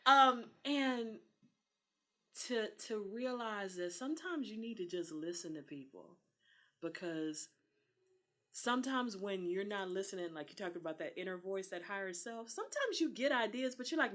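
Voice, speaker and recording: Earnest woman, bright voice. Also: mid-range voice, moderate pace. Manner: earnest, expressive, acts out quoted voices. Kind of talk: casual conversation on a podcast. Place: Texas.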